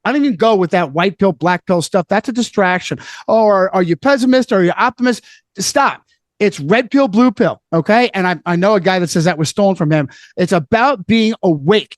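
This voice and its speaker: A man's voice: high voice, no echo. A man speaking as a podcast guest, emphatic and preachy, hammering his points by repeating phrases in casual chat.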